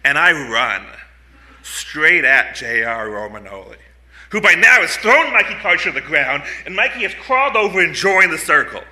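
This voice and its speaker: An animated storyteller, a man in his fifties, speaking on a live stage into a stand mic. His voice sits fairly high for a man and has a forceful, sharp edge. He delivers his story with punchy, comic timing. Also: normal speed. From United States. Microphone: mic on a stand in front of him.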